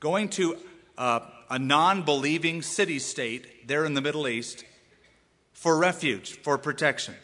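A man preaching a sermon as pastor, animated and acting out the voices of the people he quotes. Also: a little high, a little slow, in a large hall. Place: church sanctuary.

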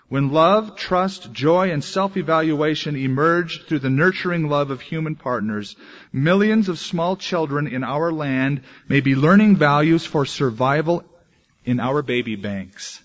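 A male pastor preaching a sermon, moving between loud, emphatic declarations and quiet, hushed asides. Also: a little high, a little slow, dull audio.

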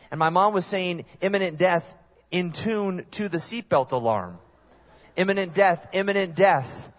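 A man preaching a sermon as a guest pastor, animated storytelling that drops suddenly to quiet asides. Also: sits high, dull audio.

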